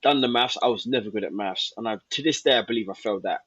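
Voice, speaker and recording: A man's voice: on the low side, fast, fairly bright tone, breathy edge, dry recording, dull audio. A man, a podcast guest telling a story and acting out old conversations.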